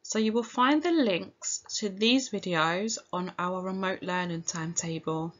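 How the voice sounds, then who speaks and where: A woman teacher giving a recorded phonics lesson to young children, sounding out each letter slowly and clearly in a British accent. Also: lowish voice, muffled recording. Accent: British English. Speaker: primary school teacher.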